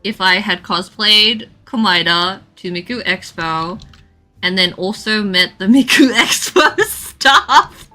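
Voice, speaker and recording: A woman's voice: mid-range voice, takes it slowly, faint music behind. A young woman chatting casually on a drawing livestream, telling stories with lots of giggles. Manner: giggly, animated storytelling with frequent laughs. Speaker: artist streaming a live drawing session.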